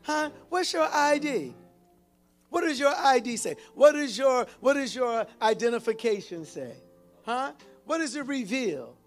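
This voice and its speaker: A man's voice: extremely high pitch, big pitch swings, unhurried, faint music behind. A male pastor preaching a sermon with call-and-response, often repeating and restarting his phrases.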